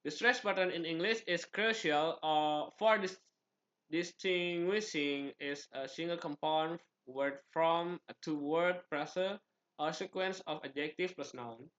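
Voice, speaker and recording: Indonesian-accented male student presenter, a touch high, clipped slide-reading delivery, muffled low-fi sound. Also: unhurried, a bit bright. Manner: reads slide items in short clipped phrases, with restarts.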